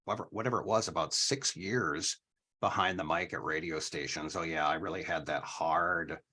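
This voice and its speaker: A man's voice: sits low, normal speed, breathy edge. A man with a Minnesota accent, hosting a casual podcast chat and telling stories with animation. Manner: chatty, animated storyteller. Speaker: podcast host.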